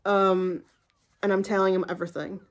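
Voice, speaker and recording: A woman's voice: mid-range voice, flat delivery, normal speed, dull audio. A young woman vlogger telling a long story to camera in a chatty, rambling way. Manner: chatty and rambling, with frequent "like" and restarts.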